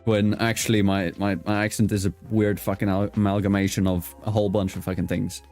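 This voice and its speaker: Low-voiced man, British-South African accent. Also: flat delivery, brisk, darkish tone, faint music behind. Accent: mix of British and South African English. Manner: rambling, swears casually, laughs often. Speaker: host. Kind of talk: casual video-call interview.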